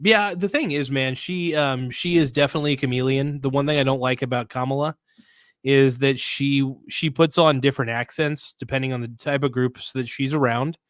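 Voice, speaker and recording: A man's voice: mid-range voice, clean tone, dry recording, studio quality. Blunt, slangy male livestream host. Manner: blunt, slangy and profane, reading viewer comments aloud; rambling with frequent restarts. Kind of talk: casual livestream commentary.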